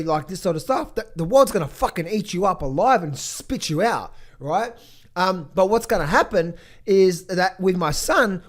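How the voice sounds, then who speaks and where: Hoarse, high-voiced man, emphatic and blunt. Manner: emphatic, blunt, swears freely. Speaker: trading coach. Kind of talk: motivational vlog and market commentary.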